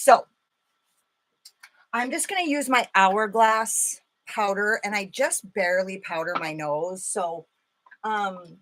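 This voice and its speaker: A woman's voice: medium pitch, takes it slowly, a bit bright. A woman hosting a casual makeup live stream, rambling and swearing freely, full of filler words. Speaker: makeup livestream host.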